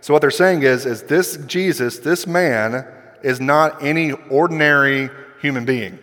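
A man's voice: mid-range voice, a little slow, fairly bright tone. A male pastor preaching a sermon in a conversational way, acting out quoted voices as he goes. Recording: long hall reverb.

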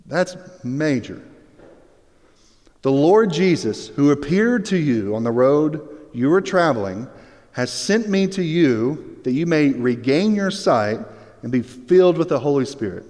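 A man preaching a sermon as pastor, telling the scene with lively, acted-out storytelling. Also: fairly high pitch, unhurried. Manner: animated storytelling, acts out Bible scenes. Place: church sanctuary. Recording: long reverb of a hall.

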